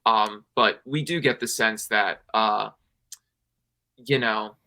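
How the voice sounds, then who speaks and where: A man's voice: on the low side, steady tone, slow pace, sharp tone. A man co-hosting a casual podcast, talking animatedly with lots of "like" and "you know". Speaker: podcast co-host.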